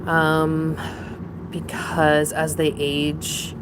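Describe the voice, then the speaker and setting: A rambling, chatty woman with a lowish voice talks casually from her home, trailing off and laughing as she goes. A steady hiss of noise sits under her voice throughout. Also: extremely slow. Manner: rambling, chatty, laughs often, coos at pets. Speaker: pet vlogger. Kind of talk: casual live chat with pets. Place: home, indoors.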